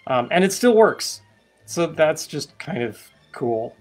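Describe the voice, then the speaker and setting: A man's voice: on the high side, very animated, slow, darkish tone, soft background music. A man hosting a casual live stream, chatting and explaining while he mixes cocktails, with wry asides. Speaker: host mixing cocktails.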